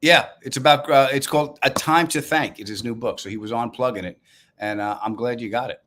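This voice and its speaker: Man, Long Island accent, comedian, live-stream chat, wry deadpan storytelling. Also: mid-range voice, a little fast. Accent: Long Island New York. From Long Island, New York. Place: apartment room, indoors.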